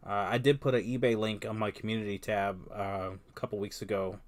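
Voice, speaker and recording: A man chatting casually on a livestream while he sorts cards, rambling with many pauses and restarts. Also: fairly low pitch, steady tone, slight background noise. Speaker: card-business streamer.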